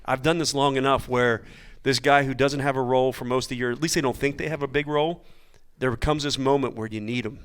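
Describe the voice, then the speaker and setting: A man coaching baseball, talking on a coaches' panel in a halting, searching way, often repeating words. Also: mid-range voice, steady tone, smooth. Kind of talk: casual panel chat.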